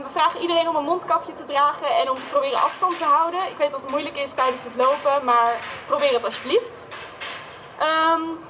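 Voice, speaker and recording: Woman, rally emcee, high and slow-paced, outdoor square with crowd noise. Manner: energetic, switches between English and Dutch. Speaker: rally moderator. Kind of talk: rally emcee, leading chants.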